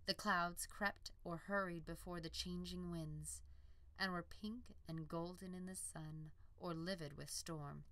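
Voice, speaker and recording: A woman narrating an audiobook in a calm, measured storytelling voice. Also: medium pitch, no echo. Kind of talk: scripted narration.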